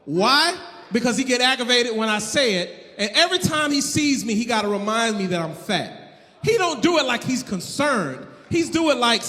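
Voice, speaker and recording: High-voiced, animated male stand-up comic. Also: moderate pace. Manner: animated, loud, punchy. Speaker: stand-up comedian. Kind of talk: stand-up comedy. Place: live comedy venue. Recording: long hall reverb, faint noise.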